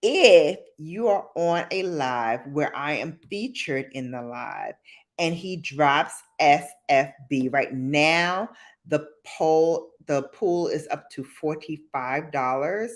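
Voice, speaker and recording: A woman hosting a casual storytime livestream, animated and laughing often, acting out quotes. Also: deep voice. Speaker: livestream host.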